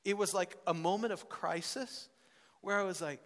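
A man, a worship leader, telling a personal story with animated, laughing delivery and acting out family members. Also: high-pitched, moderate pace. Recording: reverberant hall.

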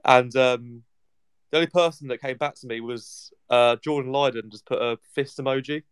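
A man's voice: mid-range voice, normal speed, clean tone, no room sound. A man co-hosting a casual football podcast, making dry, joking asides. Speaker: podcast co-host. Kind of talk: casual chat.

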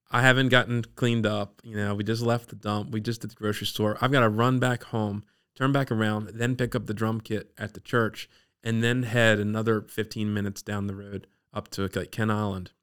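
Low, smooth-voiced storyteller man. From Eastern Shore of Maryland. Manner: animated, acts out the people in his story. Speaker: guest sharing his testimony. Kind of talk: personal storytelling.

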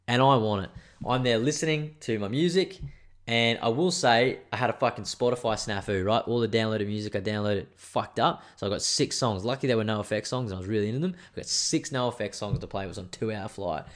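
A man with an Australian accent telling a rambling, profane, self-mocking story in a casual monologue. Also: fairly low pitch.

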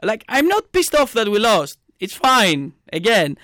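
A man co-hosting a casual podcast chat as a football fan, talking in an excitable, ranting way with loud exasperated outbursts. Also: sits high, unhurried, no echo, studio quality.

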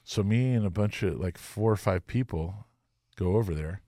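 A middle-aged man, a guest musician, telling profane, animated stories and acting out the voices of the people in them. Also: lowish voice, normal speed, no room sound, clean studio sound. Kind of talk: casual storytelling.

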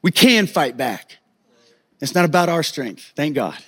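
A man preaching a sermon as a pastor, telling a personal story in an animated, humorous way. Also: a little high, measured pace, slightly rough.

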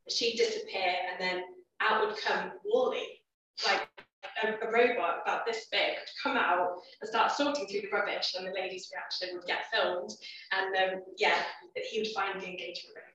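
A woman's voice: medium pitch, fairly even intonation, moderate pace, bright, forceful tone, a little hiss or hum. A woman giving a conversational teaching talk as a biblical counsellor at a church evening. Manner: chatty, conversational, with asides and fillers. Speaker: biblical counsellor, guest speaker. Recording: echoey hall, far from the mic, dull sound.

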